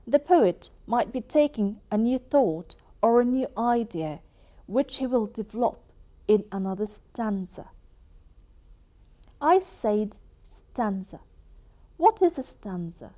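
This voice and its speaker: Slow, mellow-voiced woman teaching poetry. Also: mid-range voice, animated. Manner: slow, deliberate explaining, reading verse aloud. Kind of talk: educational lecture.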